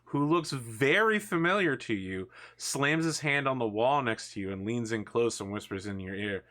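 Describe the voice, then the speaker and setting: A man's voice: medium pitch, animated, moderate pace, pushed and bright. A man narrating as game master of an online tabletop game, describing scenes and laughing often. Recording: online voice chat.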